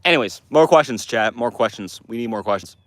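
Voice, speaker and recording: A man's voice: medium pitch, lively intonation, brisk, no echo. A teenage boy from Montana chatting casually with his livestream viewers, rambling through restarts and fillers. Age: teens. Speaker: livestream host answering chat.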